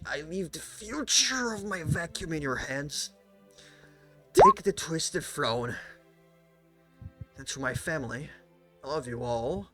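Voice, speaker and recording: A man's voice: fairly high pitch, pushed and bright. A man voicing a dying male mafia boss who addresses the islanders in a weary, mocking speech.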